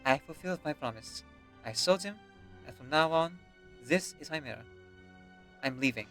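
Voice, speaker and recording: Man voicing a defiant young noblewoman; clipped, cool, bright tone. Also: on the high side, expressive, moderate pace, faint music behind, voice pushed up. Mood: resolute.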